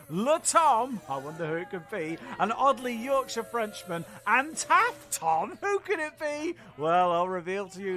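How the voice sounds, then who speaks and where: A man hosting and narrating a comedy history podcast in a playful, jokey, theatrical way. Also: sits high. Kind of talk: comic narration and credits.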